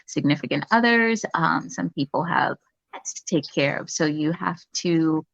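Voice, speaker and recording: A calm, reflective woman chats as a guest in an interview, her voice sitting a little low. She talks softly and unhurriedly, with plenty of fillers. The sound is dry and slightly dull. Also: measured pace, vocal fry, no echo. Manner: calm, reflective, soft-spoken with many fillers. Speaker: nurse guest. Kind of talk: casual interview chat.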